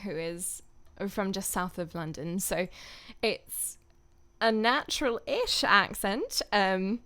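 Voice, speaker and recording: A woman's voice: medium pitch, expressive, slow, bright, forceful tone. A woman voice actor chatting casually on a stream, rambling and laughing often.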